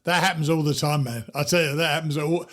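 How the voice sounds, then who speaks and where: A man with an English accent hosting a casual interview, around sixty, who interjects quickly and laughs easily. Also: a little high, steady tone, a bit bright. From England. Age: 60s. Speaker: podcast host.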